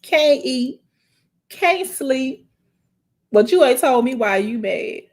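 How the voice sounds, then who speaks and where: A young adult woman hosting a casual chat, speaking straight to her viewers in an animated, preachy way that turns tearful and halting when she gets emotional. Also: sits high. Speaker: host.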